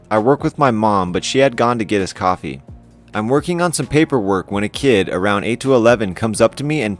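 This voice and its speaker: A man hosting a story channel, reading online stories aloud with casual, wry commentary. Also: on the low side.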